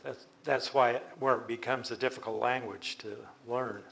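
A man's voice: medium pitch, fairly even intonation, creaky, a bit bright. A man teaching a Bible study, explaining patiently and often restarting his sentences. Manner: explanatory, unhurried, with frequent restarts.

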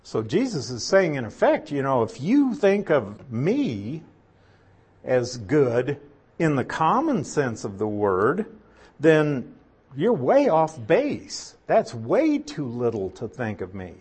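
Slow, husky-voiced man preaching. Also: medium pitch, huge pitch swings, a little mellow. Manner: reads scripture aloud, then explains it verse by verse. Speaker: pastor. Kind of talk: sermon.

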